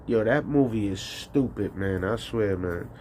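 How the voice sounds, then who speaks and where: Slow, rambling profane male streamer. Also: on the low side, darkish tone, a little hiss or hum. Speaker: call-in show host. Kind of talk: casual livestream rant.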